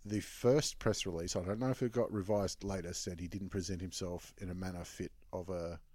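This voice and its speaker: A man's voice: sits low, fairly even intonation, brisk, darkish tone, no room sound, studio quality. An Australian man co-hosting a sports podcast, telling rambling anecdotes and laughing at his own punchlines. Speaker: podcast co-host. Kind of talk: casual sports chat.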